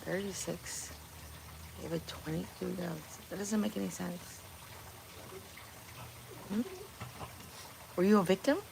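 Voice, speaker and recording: A woman's voice: fairly low pitch, fairly even intonation, measured pace, gravelly, long pauses, background noise. A woman hosting a casual livestream from her kitchen, chatting bluntly with viewers and swearing freely. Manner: blunt, profane, teasing chat. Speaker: livestream host. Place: home kitchen.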